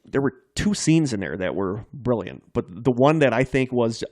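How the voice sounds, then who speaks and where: A man's voice: medium pitch, expressive, normal speed, a little mellow, dry recording, clean studio sound. A man co-hosting a podcast in casual chat, retelling scenes in eager detail. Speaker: podcast co-host.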